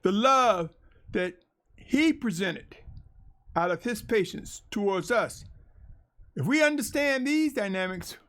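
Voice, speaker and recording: A man preaching a sermon and reading scripture aloud, earnest and emphatic, with drawn-out pauses. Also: sits high, animated, fairly bright tone.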